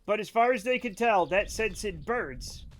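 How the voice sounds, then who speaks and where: High-voiced, excitable male streamer. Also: moderate pace, a little hiss or hum. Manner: rambling, excitable, swears freely, mock-angry at chat. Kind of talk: casual live-stream chat while gaming.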